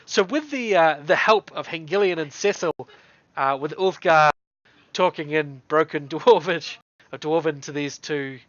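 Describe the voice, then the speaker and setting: A game master, narrating a tabletop game in a relaxed way, often laughing. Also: medium pitch, measured pace, dry recording. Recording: dull dry lo-fi recording.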